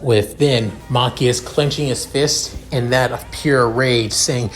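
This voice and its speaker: A man narrating a fan fiction story in a halting way, with repeated connectives. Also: medium pitch, fairly even intonation, soft background music. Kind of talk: story reading.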